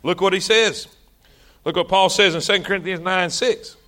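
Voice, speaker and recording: Male preacher, very high bright voice, animated sermon delivery. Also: normal speed. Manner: animated, drawls and stretches words for emphasis.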